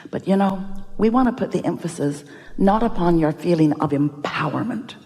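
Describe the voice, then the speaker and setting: A woman giving an inspirational seminar talk, speaking as "we" with emphatic, drawn-out "oh"s and sighs. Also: lowish voice, lively intonation, dark tone, long reverb tail. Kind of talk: live motivational seminar talk.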